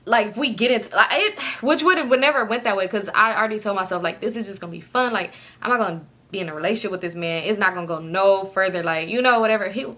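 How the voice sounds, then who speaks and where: A young woman telling a personal story in casual chat, animated, acting out what people said and laughing often. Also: fast talker, few pauses. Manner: animated, acts out quotes with pitch jumps, laughs often. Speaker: storytime vlogger.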